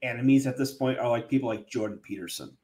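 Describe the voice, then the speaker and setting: A man co-hosting a podcast, giving quick, earnest political commentary in casual chat. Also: mid-range voice, a little mellow, slightly rough. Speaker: podcast co-host.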